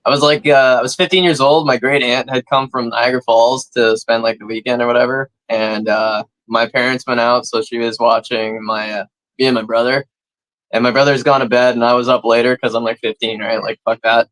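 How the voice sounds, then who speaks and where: A man co-hosting a comedy podcast, telling a story in a relaxed, unhurried way and swearing casually. His voice is mid-pitched and the sound is dry and close. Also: no room sound, poor audio. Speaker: podcast co-host.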